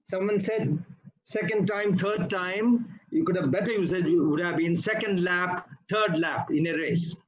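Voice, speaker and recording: Guy, high voice, teachy grammar notes, kinda muffled lo-fi sound. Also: a little slow. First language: not English. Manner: instructive, corrects usage and pronunciation word by word. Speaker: Toastmasters grammarian. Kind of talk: club meeting feedback report.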